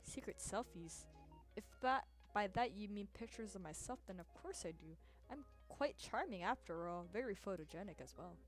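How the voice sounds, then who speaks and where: A woman's voice: medium pitch, animated, moderate pace, soft background music, lightly acted. A woman voicing a haughty, aloof male Grim Reaper in a game read aloud, formal and stiff in how he talks. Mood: smug. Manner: formal, stiff, calls others mortal. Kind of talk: reading a visual novel aloud.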